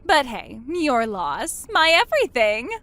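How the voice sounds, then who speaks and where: A woman's voice: high-pitched, very animated, slow, fairly bright tone, full character voice. A woman voicing a gloating, cruel younger sister in a text-message story, taunting in a sing-song way.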